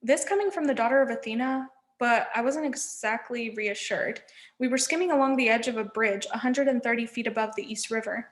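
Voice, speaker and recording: A woman teacher reading a novel aloud to learners, expressive and giving each character a voice. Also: on the high side, a little fast. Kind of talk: storybook read-aloud.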